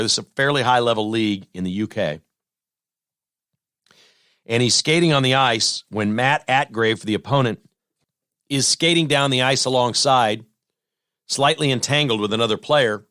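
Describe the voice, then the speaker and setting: A man's voice: fairly low pitch, a bit bright, no room sound, studio quality. A male sports talk host giving blunt, sarcastic opinions on the news of the week.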